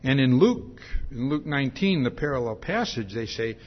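A man preaching an expository sermon in a conversational way, often pausing to ask "see?" and restarting his sentences. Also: medium pitch, expressive, dull audio.

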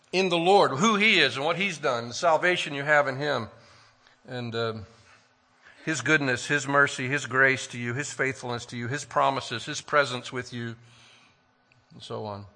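A man preaching a sermon earnestly, asking rhetorical questions and slowing down to stress key phrases. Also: fairly high pitch, bright, forceful tone. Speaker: pastor.

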